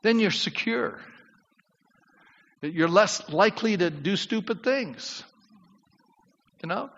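Middle-aged male pastor, high voice, animated sermon delivery, dull recording in a reverberant hall. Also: slow pace. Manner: animated, rising to near shouts when preaching. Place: church sanctuary. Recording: muffled church recording with long reverb.

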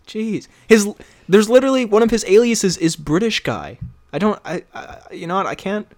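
Animated young man, casual podcast chat. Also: high-pitched, normal speed. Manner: animated, laughing often, mock-outraged. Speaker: podcast co-host.

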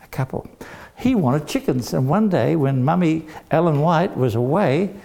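An older man tells a story to children, acting out shouts and whispers along the way. His voice is gravelly and sits a little high. He is animated throughout. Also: normal speed.

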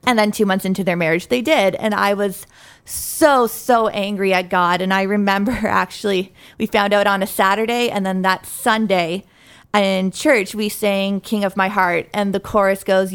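A woman's voice: mid-range voice, fairly even intonation, normal speed, a bit bright, clean tone. A woman speaking as a guest, telling her faith story candidly and earnestly, with light laughs at herself. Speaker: guest sharing her testimony. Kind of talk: personal faith testimony in conversation.

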